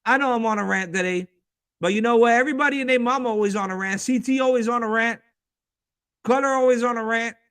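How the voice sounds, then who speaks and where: A man hosting a fan talk show, ranting in a heated, profane, fast-talking way. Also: high-pitched, vocal fry, pushed and bright, dry recording, studio quality. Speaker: host.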